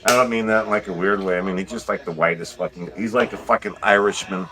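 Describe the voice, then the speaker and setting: Bright-voiced profane male streamer. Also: steady tone, quick pace, rough recording. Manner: profane, teasing, swings between loud bursts and low mutters. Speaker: livestream host reading chat comments. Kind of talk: casual livestream chat.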